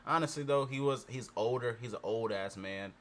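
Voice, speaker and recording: A man with a mid-pitched voice talks casually, rambling and repeating himself while he thinks things through aloud. He swears often, in a loose conversational way. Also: moderate pace, a little hiss or hum. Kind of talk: casual chat.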